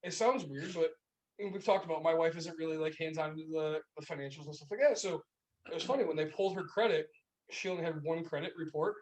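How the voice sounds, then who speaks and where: On a beer podcast recorded in a small room, a male co-host tells animated, rambling stories packed with fillers in casual chat. His voice is fairly high and he talks fast, but he's far from the mic and the recording quality is low.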